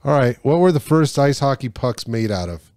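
Dark-voiced man reading trivia casually. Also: medium pitch, expressive, moderate pace, dry recording, clean studio sound. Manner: loose and jokey, reads questions aloud with stumbles and swearing. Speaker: podcast host reading trivia questions. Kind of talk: casual podcast banter.

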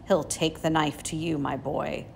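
A woman voicing a bloated, gluttonous male rat in a storybook reading, with a husky, hoarse voice. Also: sits low, steady tone, measured pace, a little mellow, slight background noise, exaggerated voice. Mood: sneering.

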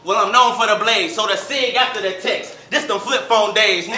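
A man's voice: high-pitched, brisk, few pauses, loud music behind the voice. A man performing a battle rap with an aggressive, boastful delivery. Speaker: battle rapper. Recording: roomy echo, distant mic, faint noise.

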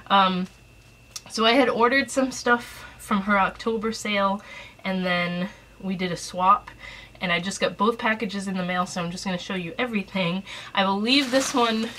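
A woman's voice: mid-range voice, steady tone, normal speed, bright, forceful tone, poor audio. A woman vlogging at home, chatting casually through an unboxing, a little out of breath and mildly stuffed up, with a camera resting on a shelf. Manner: chatty and rambling, with fillers.

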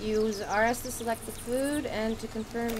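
A woman's voice: fairly high pitch, moderate pace. A woman streaming a video game in casual commentary, playful and swearing, slipping into a mock pirate way of talking. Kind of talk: casual let's-play commentary. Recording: streaming mic with steady noise.

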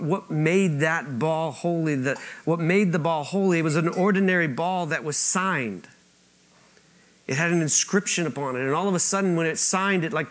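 A man preaching a sermon to his church, talking conversationally, often repeating words as he restarts and asking the congregation questions. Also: a little high. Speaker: pastor. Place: church auditorium.

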